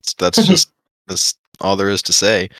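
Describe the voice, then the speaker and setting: A man, co-hosting a podcast and telling stories in casual chat, excitable and swearing freely. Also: sits low, moderate pace, no room sound. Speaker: podcast co-host.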